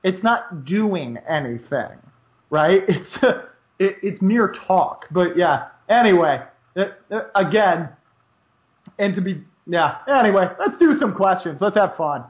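A man's voice: sits high, expressive, a little slow. A man co-hosting a podcast in casual chat, opinionated and rambling with frequent restarts. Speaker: podcast co-host. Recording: echoey lo-fi recording.

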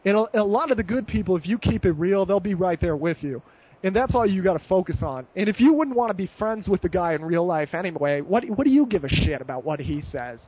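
A young man from the States with a rather high voice talks loosely through a story, piling up fillers and restarts as he goes. The sound is a little muffled and dull. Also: brisk, slightly rough. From United States. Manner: rambling, animated, lots of fillers and restarts. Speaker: guest. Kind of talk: casual podcast chat.

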